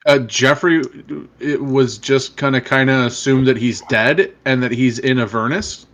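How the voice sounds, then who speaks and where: A man's voice: medium pitch, fairly even intonation, unhurried, fairly bright tone. A man playing in a tabletop game, joking and stammering in casual chat. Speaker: player.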